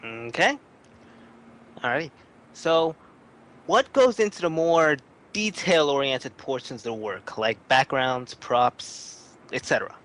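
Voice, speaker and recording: Lively upbeat man interviewer. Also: medium pitch, slow pace. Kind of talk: casual livestream interview.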